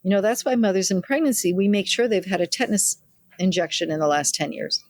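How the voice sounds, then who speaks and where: Speaking fast in a medium pitch, this older midwife recounts family tales during an interview, animatedly performing the people she quotes. The studio-quality recording has no room sound.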